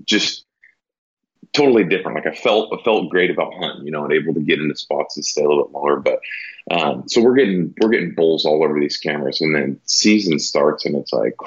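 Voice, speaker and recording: A man's voice: rumbling low, husky. A man telling a hunting story in a casual, rambling way, filling his talk with "you know" and "like". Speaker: podcast guest, elk hunter. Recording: dull lo-fi sound.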